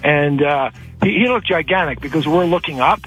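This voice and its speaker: A man calling in to a radio show, telling a story in a rambling, animated way with many restarts, heard over a phone line. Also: a little high, normal speed, faint music behind. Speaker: caller. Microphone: telephone.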